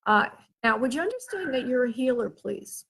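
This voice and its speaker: A woman hosting a show as a spirit medium, giving a live reading in a gentle, soothing way and often checking that the caller understands. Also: fairly high pitch, expressive, moderate pace, gravelly, slightly rough. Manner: hesitant, with frequent filler sounds and restarts.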